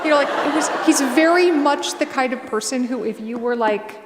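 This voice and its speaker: A woman's voice: sits high, normal speed, hardly any pauses, noisy background. Chatty woman author on a stage. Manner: chatty and animated, with many fillers. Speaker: author and guest speaker. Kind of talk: casual storytelling talk before a live audience. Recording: echoey hall, faint ambience.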